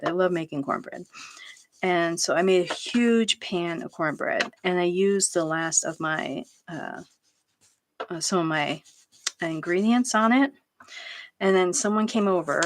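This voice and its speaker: A middle-aged woman talks her way through a craft project at home, chatty and quick to laugh at herself. Her voice sits a little low, and she takes her time with each phrase. A clear layer of background noise runs under the recording. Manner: chatty and self-deprecating, laughs often. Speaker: craft channel host. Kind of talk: casual crafting chat.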